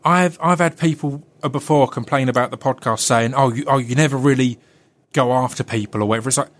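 A man's voice: mid-range voice, fast talker. A man hosting a podcast in casual chat, with a stutter that catches on word starts. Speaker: podcast host.

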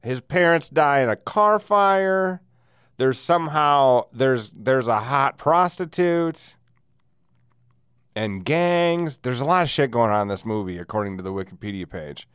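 A man's voice: medium pitch, animated, unhurried, a bit bright, smooth, dry recording, studio quality. A man hosting a casual solo podcast, rambling and sardonic with frequent laughs, wheezing through a sinus cold. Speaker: podcast host.

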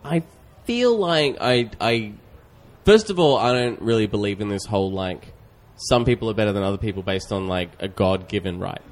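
A man from Australia doing improv comedy with a mock-earnest, deadpan manner and frequent laughter. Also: on the low side, normal speed.

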